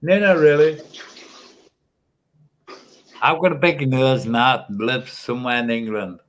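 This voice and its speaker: With a steady, mid-range voice and measured delivery, a man rambles casually on a livestream panel, teasing the others cheekily. He's on a home webcam setup using a studio microphone.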